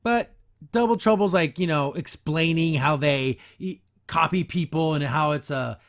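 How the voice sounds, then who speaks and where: Guy hosting a show review podcast, kinda high voice, sarcastic and fed up. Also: a little slow. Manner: blunt, sarcastic, exasperated. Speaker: podcast host. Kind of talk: casual episode review commentary.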